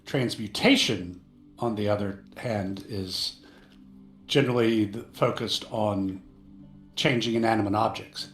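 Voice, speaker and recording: A man running a tabletop game as game master, explaining rules in a halting way with many fillers. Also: lowish voice, fairly bright tone, echoey room, faint music behind.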